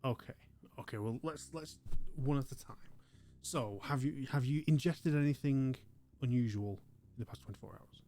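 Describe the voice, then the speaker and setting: A man's voice: medium pitch, normal speed, mellow, natural voice. A man voicing a perplexed adult ship's doctor who talks in a polite, hesitant, awkward way. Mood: clinical, lecturing.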